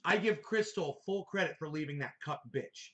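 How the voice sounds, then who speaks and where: A man's voice: fairly high pitch, normal speed, fairly bright tone. A man hosting a reaction show, ranting angrily and swearing at the clips he plays. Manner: angry, profane, mocking. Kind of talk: ranting commentary over clips.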